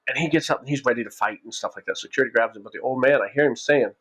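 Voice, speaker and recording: A man's voice: medium pitch, very fast, fairly bright tone, breathy edge. A man casually telling a story from his own past, rambling with frequent restarts and acting out what people said.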